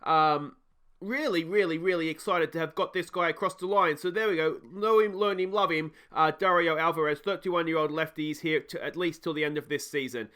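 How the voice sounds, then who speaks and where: A man's voice: a little high, fairly even intonation, fairly quick, sharp tone, clear, resonant tone. An Australian man hosting a let's play, chatting casually through game commentary with frequent ums and uhs.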